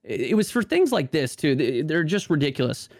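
A man's voice: a little high, sing-song, fairly quick, no room sound, studio quality. A man talking casually as a podcast guest, stammering and restarting often, with many "like" fillers. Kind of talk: casual conversation.

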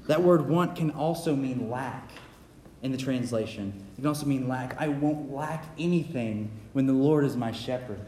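A man preaches a sermon in an earnest, repetitive manner, tripping over words and restarting his sentences. His voice sits at an ordinary middle pitch. It rings with the long reverb of a hall, with faint ambience in the background. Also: moderate pace, mellow, a little hiss or hum.

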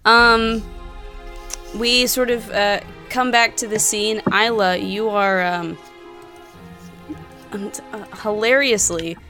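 Woman game master, casual table narration, music faint behind, middle-pitched voice. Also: fairly even intonation, slow pace, long pauses, pushed and bright. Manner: casual, swearing, laughing.

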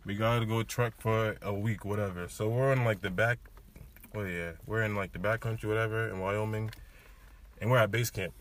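A man's voice: on the low side, normal speed, slight background noise. Young man telling a wild story casually. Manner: animated slang-heavy storytelling with laughs.

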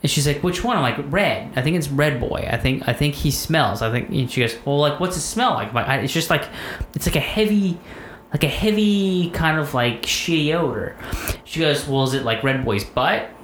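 A man's voice: medium pitch, a little fast, few pauses, a bit bright. A man telling a story in casual chat, rambling and profane, with lots of fillers and restarts. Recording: echoey room with faint noise.

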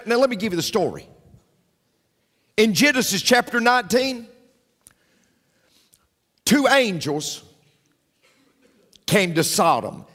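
High, lively-voiced preacher man. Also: big-room sound. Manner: emphatic, repetitive preaching with frequent asides to the congregation. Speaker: pastor. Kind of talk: sermon.

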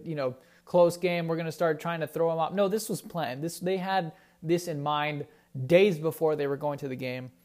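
High-voiced man ranting about sports. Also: darkish tone. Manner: heated, indignant, repeats himself. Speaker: sports commentator. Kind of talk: opinionated sports talk monologue.

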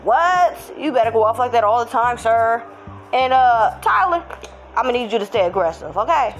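A woman's voice: a little high, expressive, normal speed, soft background music. A woman hosting her own podcast from home, chatting casually with hype, slang and sing-song chants. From Texas. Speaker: podcast host. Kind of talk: casual morning chat.

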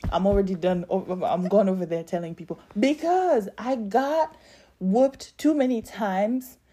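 A young woman hosting a casual podcast chat, her husky voice swinging through a wide, lively range. She tells stories animatedly, acting out quoted lines with sudden high jumps in pitch. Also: a little slow. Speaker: podcast host.

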